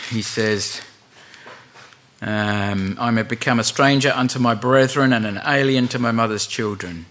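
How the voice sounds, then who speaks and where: A man preaching an informal sermon, chatting with many fillers and reading Bible verses aloud slowly. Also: mid-range voice, fairly bright tone.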